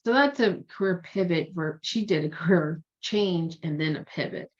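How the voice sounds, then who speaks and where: A woman's voice: fairly low pitch, normal speed. A woman career coach talking casually and at length, chatty and digressive, often correcting herself. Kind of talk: casual explanatory talk. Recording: dull lo-fi sound.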